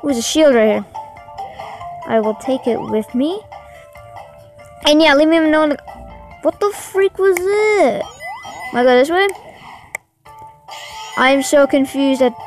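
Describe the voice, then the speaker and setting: Gaming host, woman, high voice, unhurried delivery, flips between excited yelps and frustrated grumbling, faint game music behind. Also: low-quality recording. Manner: excitable, easily frustrated, talks to viewers. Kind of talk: let's-play commentary.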